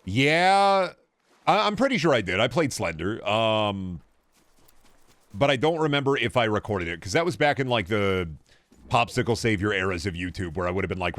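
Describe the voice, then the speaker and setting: A man's voice: fairly low pitch, fairly quick, fairly bright tone, dry recording. A man in his twenties streaming a video game, chatting casually and answering his chat in a rambling, jokey, profane way. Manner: talks back to chat while playing. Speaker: gaming streamer. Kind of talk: casual gaming livestream chatter.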